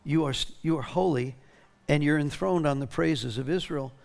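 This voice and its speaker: A male pastor preaching with a gravelly, creaky edge in a slightly higher voice. He swings between emphatic bursts and quieter passages as he reads scripture aloud. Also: normal speed. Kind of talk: sermon.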